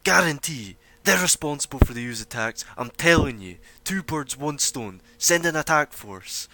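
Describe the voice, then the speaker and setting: A man putting on a furious male gnome agitator, shouting, higher pitched, bright tense voice. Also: expressive, moderate pace, dry recording. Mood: shouting angrily. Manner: shouting, hateful, rabble-rousing. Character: angry loud male deep gnome agitator in a mob.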